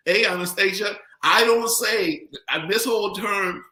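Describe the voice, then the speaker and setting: A middle-aged man from the Bahamas with a Bahamian accent, hosting a casual podcast chat as an animated storyteller who repeats words for emphasis. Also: high voice, moderate pace, few pauses, echoey room, low-quality recording. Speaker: podcast host.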